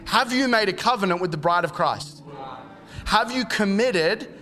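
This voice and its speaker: A man, preaching a sermon in a relaxed, joking way and acting out short quoted exchanges. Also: high-pitched, faint music behind. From Australia. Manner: conversational and jokey, acts out quick quoted exchanges. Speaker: pastor.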